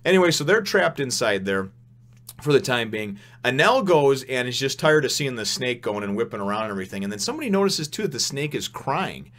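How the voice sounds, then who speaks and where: A man's voice: medium pitch, big pitch swings, fairly quick, fairly bright tone. A man giving a casual review of a manga chapter, rambling and candid, with frequent restarts.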